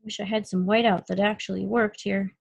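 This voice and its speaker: A woman's voice: mid-range voice, level tone, fairly quick, gravelly, slight background noise. Patient woman teaching a math lesson. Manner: patient, counts units aloud, asks the class questions. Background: dog barking.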